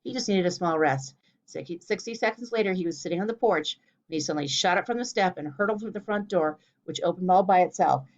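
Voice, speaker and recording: A woman reading a children's storybook aloud in a clear, steady way. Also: on the low side, fast talker. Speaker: narrator. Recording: dull lo-fi recording.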